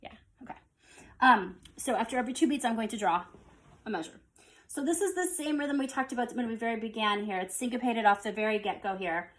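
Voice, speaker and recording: A woman's voice: fairly high pitch, brisk. A woman teaching a music rhythm lesson, explaining step by step and counting beats aloud.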